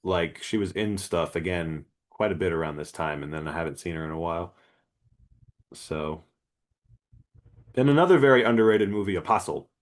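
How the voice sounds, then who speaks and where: A man co-hosting a podcast in casual chat, animated, laughing often and swearing casually. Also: deep voice, normal speed, pauses often. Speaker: podcast co-host.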